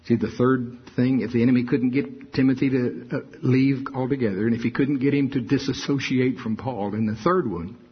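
A man preaching a sermon in a lively way, acting out quotes and stories as he goes. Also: mid-range voice, moderate pace, few pauses, breathy edge, highs cut off. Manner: lively preaching, acts out quotes and hums a tune. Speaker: pastor.

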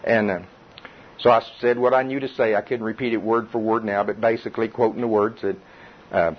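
A middle-aged man preaching to a Bible study group in a lively, conversational way, with chuckles and repetition. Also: on the low side, a little fast. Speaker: pastor. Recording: dull muffled recording.

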